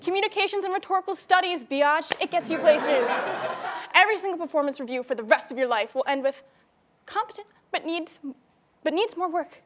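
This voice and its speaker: A woman's voice: sits high, animated, normal speed, fairly bright tone, slight background noise. A young woman playing a spiteful, scheming arch-nemesis who gleefully lays out her threats in a comedy sketch. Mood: gloating. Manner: smug, theatrical, gleeful threats. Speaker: guest on a student talk show.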